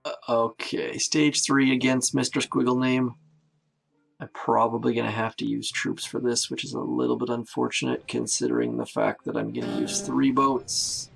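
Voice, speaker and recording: A man's voice: medium pitch, animated, moderate pace, vocal fry, slightly rough, faint music behind. A man from Canada giving chatty live commentary while playing a strategy game, greeting viewers as he goes. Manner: chatty, self-narrating, greets viewers by name. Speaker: game streamer.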